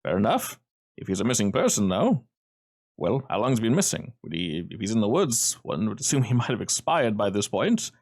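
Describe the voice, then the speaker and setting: A man's voice: on the low side, sing-song, fairly quick, a little mellow, slightly rough, exaggerated voice. A man voicing a polite, guarded village man who speaks in formal, hedging phrases. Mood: probing.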